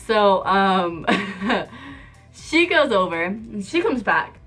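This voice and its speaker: A young woman tells a personal story straight to her viewers in an easygoing, chatty way. She is animated and slips into the other people's voices as she quotes them, laughing along the way. Faint background music sits behind her voice. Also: mid-range voice, extremely slow, breathy edge. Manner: animated, acts out quoted dialogue, laughs often. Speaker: vlogger. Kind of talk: casual storytime.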